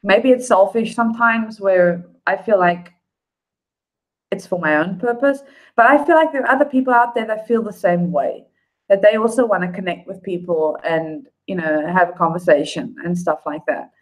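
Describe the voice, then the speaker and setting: A woman's voice: medium pitch, normal speed, poor audio. A woman vlogger chatting on a live stream, rambling and heartfelt with lots of fillers. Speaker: YouTube vlogger. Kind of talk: casual live-stream chat.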